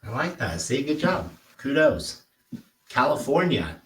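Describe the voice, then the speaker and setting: A man's voice: medium pitch, normal speed, far from the mic, poor audio. A man coaching a sales trainee through a role-play drill, stressing words with exaggerated inflections. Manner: exaggerated, emphatic inflections when demonstrating.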